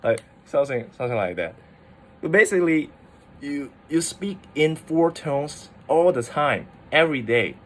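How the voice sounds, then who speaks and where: A man's voice: a little high, animated, normal speed. A man, a Mandarin speaker, casually explaining language tones, with many "like" fillers and restarts. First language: Mandarin Chinese. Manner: chatty, full of "like" fillers and restarts. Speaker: language teacher.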